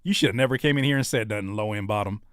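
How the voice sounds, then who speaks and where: A man in his thirties, a rapper and YouTuber, reacting to comments in an animated comedic rant, mocking and teasing with sudden loud outbursts. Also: on the low side, rapid-fire, clear, resonant tone, dry recording, studio quality.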